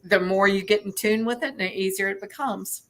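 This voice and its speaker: A woman's voice: mid-range voice, fairly even intonation, brisk. A woman appearing as a guest medium, talking earnestly in casual conversation and often restarting her sentences.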